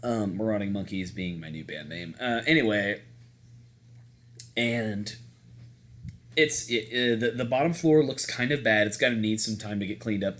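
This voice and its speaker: A young man narrating as game master, casual and joking with many halting restarts. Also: on the low side, a bit bright.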